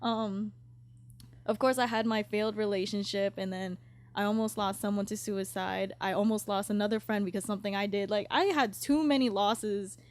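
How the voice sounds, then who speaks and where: A woman's voice: mid-range voice, fairly even intonation, normal speed. A woman in her twenties hosting a casual podcast chat, talking candidly, swearing freely and laughing often. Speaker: podcast host.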